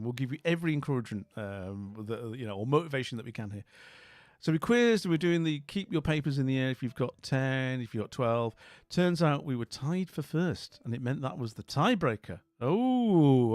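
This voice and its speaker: A man's voice: medium pitch, big pitch swings, moderate pace, darkish tone, dry recording. A middle-aged man with a Scottish accent hosting a livestream, chatting casually, telling a story and reading chat aloud. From Scotland. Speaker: livestream host.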